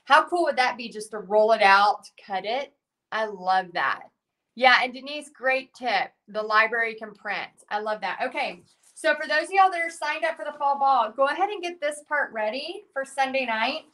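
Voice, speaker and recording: A woman's voice: a little high, lively intonation, normal speed, sharp tone. Bubbly woman chatting while teaching. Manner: chatty and bubbly, reads viewer comments aloud. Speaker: painting instructor. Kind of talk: live-stream painting lesson. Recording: voice a bit distant from mic.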